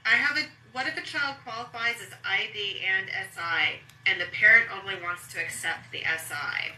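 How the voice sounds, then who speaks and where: Brief: bright-voiced woman host reading questions plainly, room echo around her. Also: mid-range voice, normal speed. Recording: roomy echo.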